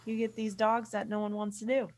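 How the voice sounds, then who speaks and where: A woman's voice: medium pitch, level tone, a little fast, darkish tone. A young woman who works as a dog groomer, chatting casually and acting out quoted dialogue. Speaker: dog groomer, podcast co-host. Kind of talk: casual chat.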